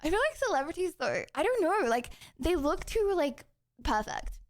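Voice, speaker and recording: High lively giggly young woman host. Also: moderate pace. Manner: rambling, giggly, teasing. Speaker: streamer hosting a podcast. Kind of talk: casual podcast chat.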